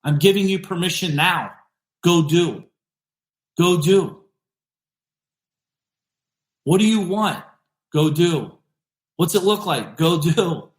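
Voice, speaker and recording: A male podcast host giving an energetic, emphatic motivational business talk, repeating punchy phrases. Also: high-pitched, a little slow, echoey room.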